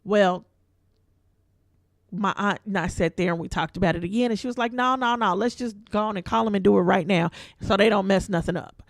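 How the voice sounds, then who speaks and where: Animated woman telling a story, slight vocal fry. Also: mid-range voice, a little fast, dry recording, clean studio sound. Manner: animated storyteller who acts out quoted voices; informal, colloquial speech. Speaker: podcast co-host. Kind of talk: casual storytelling chat.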